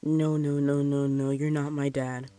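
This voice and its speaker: A man's voice: medium pitch, measured pace, mellow, no room sound, lightly acted. A man voicing a frightened young boy who answers plainly and in a hurry.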